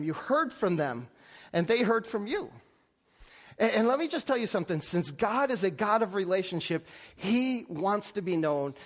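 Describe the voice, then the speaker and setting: A man preaching a conversational sermon, often restarting and asking the audience rhetorical questions. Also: sits high. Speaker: pastor.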